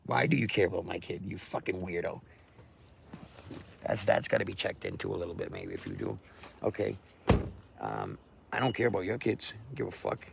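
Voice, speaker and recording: A man's voice: deep voice, wildly swooping pitch, normal speed, gravelly, pauses often, background noise. A man hosting his own channel, delivering a crude, combative, profane ranting monologue. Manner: crude, combative, lots of swearing. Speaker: channel host.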